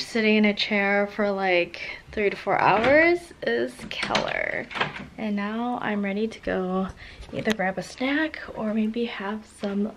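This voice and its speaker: A woman's voice: mid-range voice, slight background noise. A young adult woman chatting casually to camera at home as a lifestyle vlogger. She sounds upbeat and gushing and keeps dropping "like" into her sentences. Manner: chatty, peppered with "like" fillers. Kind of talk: casual vlog chat to camera.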